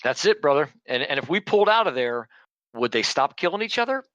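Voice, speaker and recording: A man's voice: on the high side, big pitch swings, fairly quick, fairly bright tone, no echo, dull audio. A man from Philadelphia, a guest on a podcast, talking in a blunt, rambling way with many restarts. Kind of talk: casual podcast chat.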